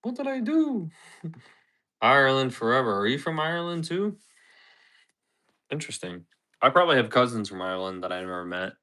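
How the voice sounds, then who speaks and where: Chatty Philly guy with a bright voice. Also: medium pitch, a little fast, pauses often. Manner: rambling, chuckles often, reads chat aloud. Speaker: live streamer. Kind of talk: casual live-stream chat.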